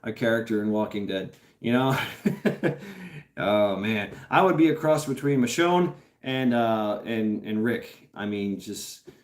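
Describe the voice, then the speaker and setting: A man's voice: lowish voice, animated, measured pace. A man hosting a casual livestream, reading out chat and rambling with laughs, swears and lots of fillers. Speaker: host reading live chat. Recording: roomy echo.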